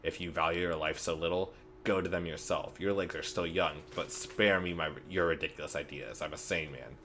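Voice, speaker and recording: A man reading aloud the lines of a gruff, rich older factory boss in a game. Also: deep voice, steady tone, fairly quick, fairly bright tone, slight background noise. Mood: dismissive. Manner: reads game dialogue aloud, dismissive.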